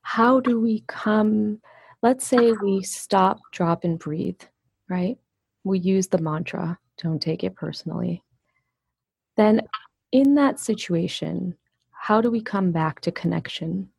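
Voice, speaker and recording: A woman's voice: medium pitch, takes it slowly, gravelly, a little mellow, slightly rough, no room sound. A woman interviewer asking reflective questions and thinking aloud. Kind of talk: conversational interview.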